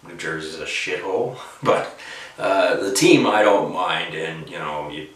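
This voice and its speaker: A man's voice: sits low, unhurried, a bit bright, recorded from a distance. A man giving his hockey opinions in casual, rambling talk, full of fillers. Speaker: hockey commentator. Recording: echoey room, voice off-mic.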